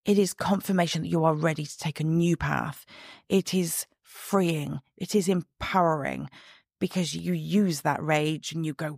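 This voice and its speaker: Female podcast host, chatty and direct, lowish voice with fry, dry home recording. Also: a little slow, darkish tone, no room sound. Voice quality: chatty, direct, laughs at herself. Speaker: podcast host and body image coach. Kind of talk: casual solo podcast talk. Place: sitting at home, room lights only. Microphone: own podcast mic.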